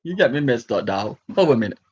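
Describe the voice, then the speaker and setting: A man's voice: medium pitch, big pitch swings, fast, a little mellow, husky. A sleepy man rambling casually to his viewers from home, chuckling often and talking in slang. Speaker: vlogger. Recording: muffled lo-fi recording.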